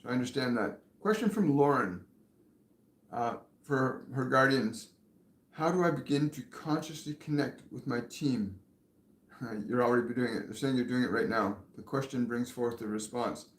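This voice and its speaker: A man hosting a live spiritual question-and-answer stream, speaking gently with pauses and fillers and sometimes falling almost to a whisper. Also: medium pitch, roomy sound. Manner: soft-spoken, gentle, pauses and fillers, drops to near whisper at times. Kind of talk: live-stream channeling and reading viewer questions.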